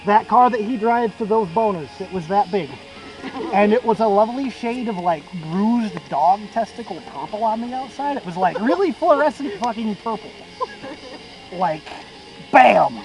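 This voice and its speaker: On a rough recording with loud background music, a young man with a high-pitched, expressive voice tells friends a profane, wandering story at moderate speed. He laughs at his own jokes as he goes.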